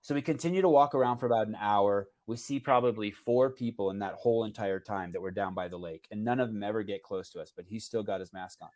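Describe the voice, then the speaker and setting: A man hosting a casual podcast, telling a story in a rambling, animated way with many restarts. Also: on the low side, quick pace, few pauses. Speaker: podcast host.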